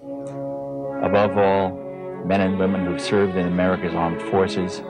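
A man giving formal commentary with slow, weighty emphasis. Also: low-pitched, steady tone. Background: music.

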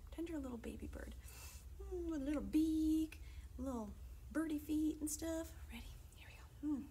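A woman children's librarian leading a sing-along, cheery and coaxing, talking softly to the kids between loud chants. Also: high-pitched, a little fast, a little hiss or hum, low-quality recording.

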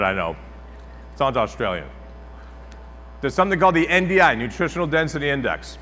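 Bright-voiced joking man at a cooking demo. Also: mid-range voice, big pitch swings, fairly quick, a little hiss or hum. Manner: joking, chatty, audience-engaging. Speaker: celebrity chef. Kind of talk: live cooking demonstration. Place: trade show demo stage. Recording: echoey hall with faint ambience.

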